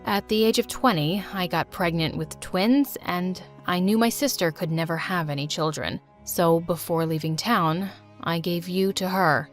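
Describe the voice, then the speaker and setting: A woman voicing a regretful long-lost mother in an animated story, confessing her past earnestly. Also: lowish voice, moderate pace, soft background music, close to an everyday voice.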